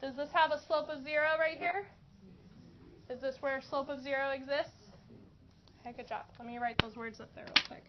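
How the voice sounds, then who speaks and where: A woman teaching a high school math class, asking questions and encouraging students. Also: steady tone, normal speed, pauses often. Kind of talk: classroom lesson. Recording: dull lo-fi classroom recording with faint noise.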